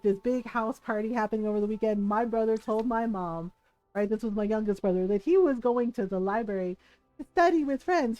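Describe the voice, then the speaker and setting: A woman game streamer telling a family story in a casual, animated way, laughing often and swearing freely. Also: fairly high pitch, poor audio. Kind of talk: casual storytelling while gaming.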